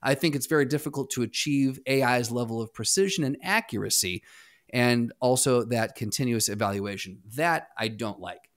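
A man co-hosting a podcast, giving reasoned opinions in a casual, measured way with frequent restarts. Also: medium pitch, fairly bright tone. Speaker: podcast co-host. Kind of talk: casual chat.

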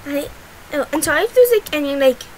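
A woman hosting casual gameplay commentary from her bedroom, giggly and rambling, with sudden excited squeals. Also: sits high, brisk. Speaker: gaming channel host. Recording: noisy, fireworks popping behind. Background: fireworks.

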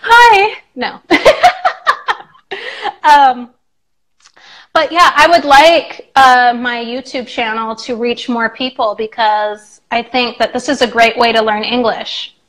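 Woman, young, English teacher, casual live-stream chat, affectionate, playful, high-pitched, slow-paced. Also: steady tone, a bit bright, low-quality recording. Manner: chatty, affectionate, breaks into playful singing.

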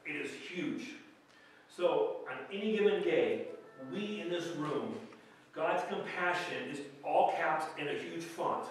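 A man, the pastor, preaching a sermon in a conversational, animated way, with bursts of emphasis and quiet asides, recorded in a church. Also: a little high, a little hiss or hum. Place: church sanctuary. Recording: echoey church hall mic from a distance.

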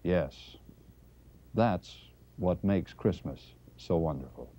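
A man voicing a weary older department-store Santa who speaks gently and hesitantly, on a dull lo-fi 1970s TV tape. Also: sits low, animated, slow, slight background noise. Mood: gentle.

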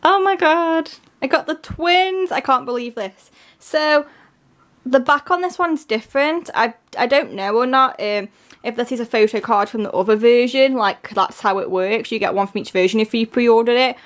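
A woman with a fairly high voice unboxes a K-pop album at normal speed, gushing casually and sounding excited throughout. Her voice is strained, keeps giving out, and she coughs.

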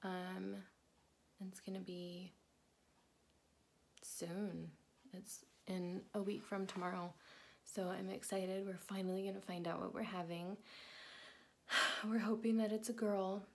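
A woman's voice: little pitch movement, slow pace, creaky, long pauses. A pregnant young woman in her twenties, chatting casually in a vlog update. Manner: chatty, talks baby-talk to her cat in a high sing-song voice. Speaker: vlogger.

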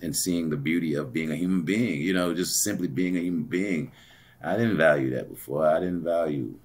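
Male guest, very deep voice, conversational storyteller, lively retelling. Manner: animated, laughing while retelling dialogue.

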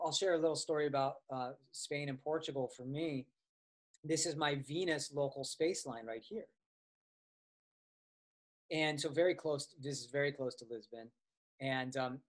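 A man's voice: a little high, moderate pace. A man teaching astrology in a casual, conversational way, with frequent fillers and restarts as he tells personal stories. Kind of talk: casual explanatory lecture.

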